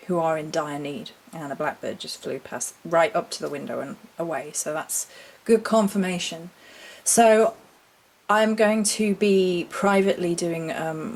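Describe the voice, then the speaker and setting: A woman in a casual home vlog, talking in a gentle, rambling, chatty way with little asides as she shows her altar. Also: low-pitched, slight background noise. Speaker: witch vlogger showing her altar.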